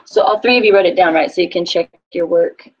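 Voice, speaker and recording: A woman teaching a Spanish class, slowly dictating words and spelling them out letter by letter, with patient repetition. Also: lowish voice. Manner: slow, patient, repeats each word and letter. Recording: distant, dull lo-fi classroom recording.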